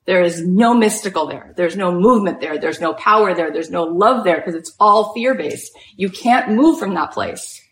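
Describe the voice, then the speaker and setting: A woman spiritual coach giving an inspirational storytelling talk, animated and full of "like" fillers. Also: fairly low pitch, normal speed, few pauses. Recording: roomy echo.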